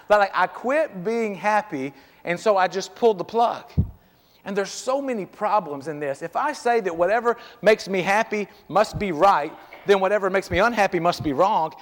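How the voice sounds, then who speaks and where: High-voiced preacher in a reverberant hall. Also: male voice. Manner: conversational preaching with repeated stammered restarts. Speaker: pastor. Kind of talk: sermon. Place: church sanctuary. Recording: church hall with long reverb.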